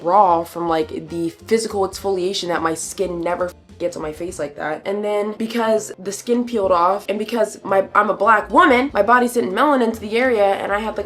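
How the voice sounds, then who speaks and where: A woman in her twenties chatting casually and playfully to her viewers in a vlog, a little tired. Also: medium pitch. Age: 20s. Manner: chatty, playful, self-deprecating. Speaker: lifestyle vlogger.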